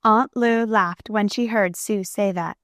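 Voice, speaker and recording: A woman narrating a children's storybook in a clear, even manner. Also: mid-range voice, a little slow, no echo, clean studio sound. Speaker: audiobook narrator.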